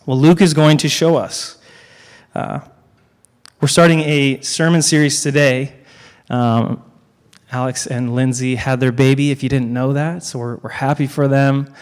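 Guest preacher, male, mid-pitched, emphatic with dramatic repeats and playful asides, long hall reverb. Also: flat delivery. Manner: emphatic, repeats key lines with dramatic pauses; joking asides to the congregation. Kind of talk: sermon.

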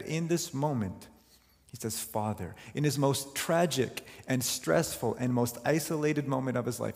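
A male pastor delivering a sermon, earnest and unhurried, slowing down to dwell on the words that matter to him. His voice carries a gravelly fry. It rings out with the long reverb of a church sanctuary. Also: medium pitch, darkish tone.

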